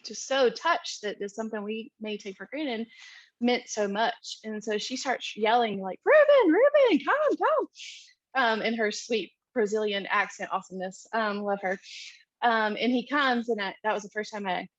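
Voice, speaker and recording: A woman on a mission team telling a story in an interview, chatty and animated, with many ums and likes. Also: medium pitch, normal speed, no echo, lo-fi sound. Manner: chatty, full of "um" and "like", animated retelling. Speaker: mission trip team member.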